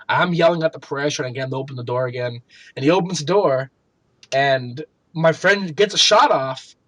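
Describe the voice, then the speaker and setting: A young man with a somewhat high voice co-hosts a gaming podcast, telling a story in casual chat. He swears freely and acts out quotes by shouting them, and the recording is dry.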